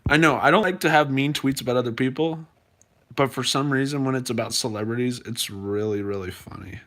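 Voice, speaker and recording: A man live-streams from home in a casual chat with his viewers, rambling loosely through fillers and restarts. His medium-pitched voice is a bit bright and fairly quick.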